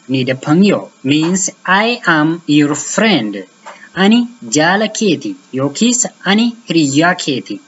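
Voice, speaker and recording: A woman's voice: low-pitched, very animated, slow pace, lo-fi sound, slight background noise. A woman from Ethiopia, a native Afaan Oromo speaker, teaching a patient language lesson and repeating each phrase.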